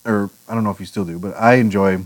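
A man's voice: lowish voice, fast. A man co-hosting a casual podcast chat, rambling through stories and acting out quotes with laughs. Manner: rambling, lively retelling with put-on quotes and laughs. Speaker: podcast co-host.

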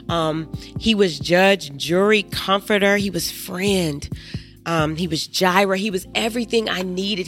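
A woman's voice: fairly low pitch, fairly bright tone. A woman hosting a faith podcast, sharing a personal testimony in an earnest, emphatic way and speaking straight to her listeners. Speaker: podcast host.

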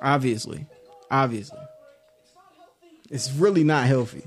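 A man's voice: medium pitch, unhurried, soft background music. A man giving a rambling, joking monologue as a video creator, drifting into clumsy freestyle rap. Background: hip-hop beat playing.

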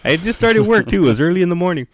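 A man's voice: sits high, very animated, racing. A man telling a story in casual chat, swearing constantly and laughing as he goes. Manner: profane, laughing anecdote teller.

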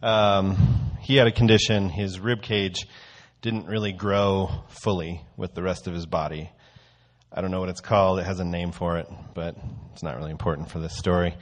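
Man, lower pitch, easygoing conversational sermon delivery, storyteller. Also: steady tone, moderate pace. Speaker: church teacher. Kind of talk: casual sermon.

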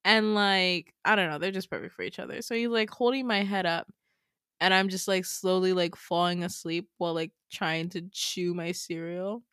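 A woman host casually retelling a dream, full of "like" fillers and casual swearing, with sudden high exclamations. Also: steady tone, moderate pace, fairly bright tone, clean tone, dry recording, clean studio sound. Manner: chatty, frequent "like" fillers, swears freely. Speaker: podcast host.

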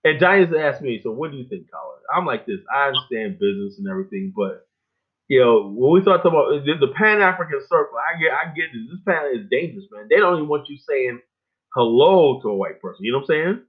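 A man's voice: medium pitch, lively intonation, fast. An older man from Virginia hosting a casual on-air talk show, blunt and profane, rambling with many fillers. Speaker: host. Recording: phone-like narrow band.

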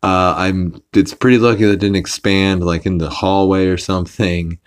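A man's voice: sits low, steady tone, normal speed, clear, resonant tone. Rambling, profane man recapping an episode. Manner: rambling, profane, frequent restarts and fillers. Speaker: podcast host.

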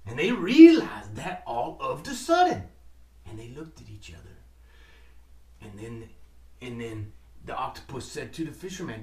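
Animated man telling a story. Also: medium pitch, normal speed, far from the mic. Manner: dramatic, calls out to listeners. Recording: roomy, from off mic.

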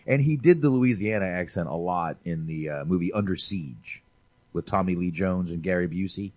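Deep-voiced joking podcast host. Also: male voice, moderate pace, darkish tone, no room sound. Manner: joking, profane, enthusiastic. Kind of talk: casual movie review chat.

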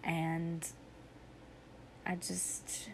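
A woman's voice: lowish voice, monotone, drawn-out words, creaky, slight background noise. A young adult woman hosting a podcast, rambling from topic to topic in a self-deprecating comedic monologue with giggly asides. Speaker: podcast host.

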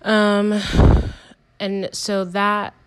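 A woman's voice: mid-range voice, monotone, extremely slow, fairly bright tone, smooth, no room sound, poor audio. A young woman hosting a casual personal podcast, talking candidly in a rambling way with lots of "like" and self-corrections. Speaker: podcast host.

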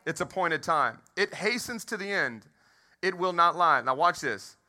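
A man's voice: a little high, animated, measured pace, pushed and bright. A man in his thirties, a pastor, preaching and telling a funny story, asking the crowd questions. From Texas. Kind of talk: sermon with humorous story. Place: movie theater used as a church.

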